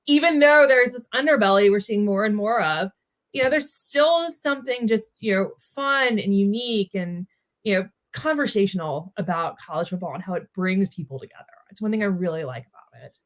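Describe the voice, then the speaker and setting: A woman's voice: medium pitch, expressive, a little fast. A woman from Maryland, a sportswriter guest in a casual podcast interview over a video call, chatty and enthusiastic, often restarting her sentences. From Maryland, United States. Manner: chatty, enthusiastic, frequent restarts and "you know".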